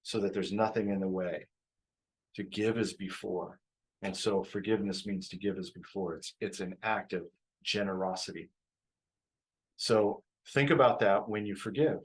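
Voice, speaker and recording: Low-voiced man coaching couples. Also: moderate pace, rough recording. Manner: warm, reflective, repeats phrases, laughs easily. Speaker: relationship coach. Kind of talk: relaxed live-stream teaching talk.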